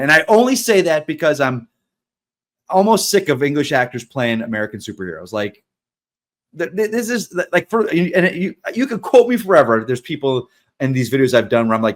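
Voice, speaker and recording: Animated male podcast co-host. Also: on the high side, a little fast. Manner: animated, restarts often, opinionated. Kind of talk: casual podcast chat.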